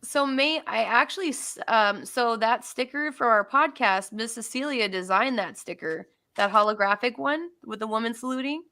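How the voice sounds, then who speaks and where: A woman's voice: fairly high pitch, normal speed, hardly any pauses, bright, forceful tone. A woman hosting a podcast, polite and respectful toward her guest. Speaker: host. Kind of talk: casual chat.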